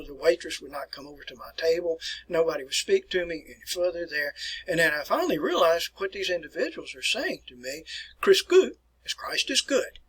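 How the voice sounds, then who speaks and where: A man's voice: on the high side, fairly bright tone, slightly rough, low-quality recording. A man teaching a class in a folksy, repetitive way, often saying words twice and calling his listeners folks. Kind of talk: classroom lecture.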